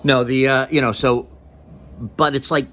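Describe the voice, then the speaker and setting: A man's voice: medium pitch, fairly even intonation, unhurried, a bit bright. A man hosting a comedic political monologue, rambling and interrupting himself with mock-serious asides. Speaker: comedian host.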